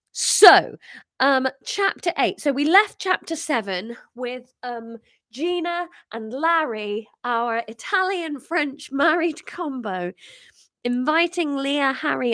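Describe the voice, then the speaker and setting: Recorded cleanly in a studio without echo, a woman's medium, slightly bright voice sounds stuffy and nasal. She's a comedian in her thirties hosting a casual live stream, reading her own story aloud with plenty of fillers and self-deprecating asides.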